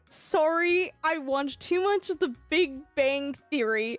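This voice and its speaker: A young woman tells a story to her stream, and she laughs often. Her voice sits high and swings widely. She talks slowly and lets her lines hang, and faint music plays behind her. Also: dry recording. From Canada. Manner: animated, laughs often while telling the story. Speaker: livestreamer. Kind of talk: casual storytelling chat.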